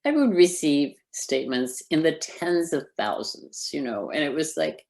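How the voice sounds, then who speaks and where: A woman with a strikingly low voice speaks as a nonprofit founder in a conversational interview. She is emphatic and earnest, and she laughs often between points. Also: very animated, moderate pace, darkish tone.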